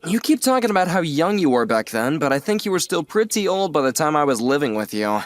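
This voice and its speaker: A man's voice: a little high, sing-song, fairly quick, no room sound, soft background music. A man playing an earnest young nephew. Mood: teasing. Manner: earnest, apologetic. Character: grateful young adult nephew, earnest and sheepish. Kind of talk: audio drama acting.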